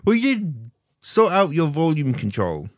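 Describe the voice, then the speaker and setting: A man's voice: fairly high pitch, unhurried, no room sound, clean studio sound. A man presenting a radio music show, bantering with his co-host and laughing often. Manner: lively, laughs often, teasing.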